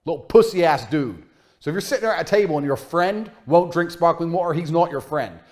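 A man's voice: a little high, lively intonation, fairly quick. A man ranting in a profane, boastful, mocking way in a monologue clip. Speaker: internet personality.

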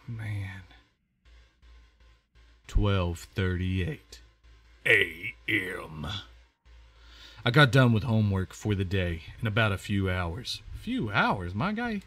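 A man talking through a horror game in a loose, chatty way, his pitch jumping up and down as he reacts. His voice is bright and forward, and he exclaims and repeats himself a lot. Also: animated, drawn-out words, long pauses, slightly rough. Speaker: gamer playing a horror game. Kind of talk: casual let's-play commentary.

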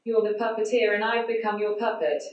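A woman giving a conference talk through a speech synthesizer, so her voice is a flat, synthetic computer voice with no intonation. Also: mid-range voice, brisk, dull audio. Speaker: conference speaker. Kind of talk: prepared talk read out by text-to-speech. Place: large conference hall. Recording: echoey hall, voice from far off.

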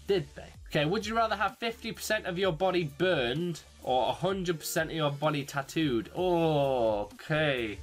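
A young man from England with an English accent, chatting casually and jokily to camera as a YouTuber, rambling and quick to exclaim. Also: a little high. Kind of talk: casual solo commentary. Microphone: desk microphone.

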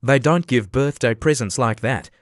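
Storybook girl, polite and a bit sharp, male narrator, dry close sound. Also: medium pitch, normal speed, no room sound, close to an everyday voice. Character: curious, polite young girl Alice.

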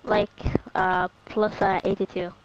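A man talking over online voice chat during a game trade, hesitant and filled with pauses, and he teases by repeating taunts. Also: high-pitched, flat delivery. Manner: hesitant, teasing. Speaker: trading partner. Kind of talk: casual voice chat. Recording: muffled voice chat audio.

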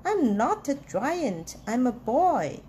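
A woman reading aloud, voicing a gentle little boy who is mistaken for a giant, in a plaintive, earnest way. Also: high-pitched, very animated, slow, slight background noise, heavily acted.

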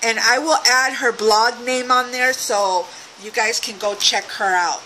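A woman's voice: fairly high pitch, fairly even intonation, unhurried, bright, forceful tone, a little hiss or hum, rough recording. A woman craft vlogger opening a swap package, gushing and exclaiming as she goes. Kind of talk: casual unboxing chat.

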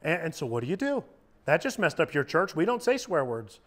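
A man who is a youth minister, giving a casual sermon in a lively, joking conversational way. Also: fairly high pitch, brisk. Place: church youth service.

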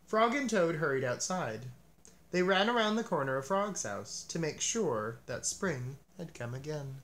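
A man reading a children's storybook aloud, gentle and expressive in his narration. His voice moves through a lively, varied range of pitch as he tells the story. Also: unhurried. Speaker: storybook reader.

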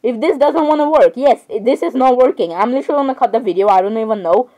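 Teen girl gamer, high and excitable, rambling dramatic commentary. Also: fast, highs cut off. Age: teens. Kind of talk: casual gameplay chatter.

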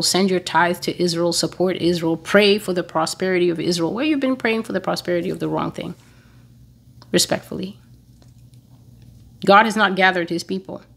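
A woman with a somewhat low voice delivers a sermon. She speaks earnestly and emphatically, repeating her phrases over and over to drive each point home. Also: vocal fry. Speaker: prophecy blog preacher.

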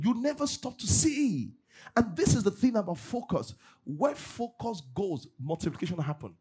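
A man's voice: a little high, a little mellow, slightly rough. A middle-aged man preaching a sermon as pastor, acting out congregants' voices and laughing often.

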